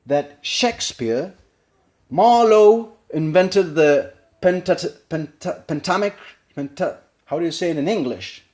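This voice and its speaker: Halting man with a Spanish accent. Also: fairly high pitch, animated, darkish tone. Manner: halting, searching for words, breaking into impressions. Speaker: acting learner. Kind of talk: casual analysis of a film scene.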